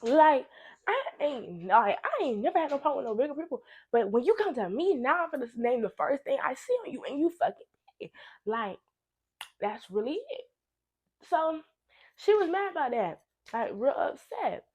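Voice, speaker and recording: A young woman telling a messy personal story to camera, animated and blunt, swearing freely and repeating phrases for emphasis. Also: high-pitched, normal speed, long pauses. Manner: animated, blunt and heavily profane, with laughing asides. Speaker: storytime vlogger. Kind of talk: casual storytime monologue.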